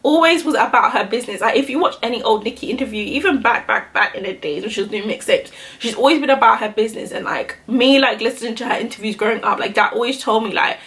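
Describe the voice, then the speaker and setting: A woman's voice: a little high, quick pace, few pauses, fairly bright tone. A young woman chatting casually to the camera while getting ready, rambling and filling her speech with "like". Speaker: beauty vlogger. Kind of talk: casual get-ready-with-me chat.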